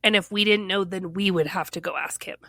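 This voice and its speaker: A woman's voice: mid-range voice, brisk, no echo, clean studio sound. A woman casually telling a personal story on a podcast, acting out what others said and filling her speech with "like.". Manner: animated, acts out quoted voices, lots of "like".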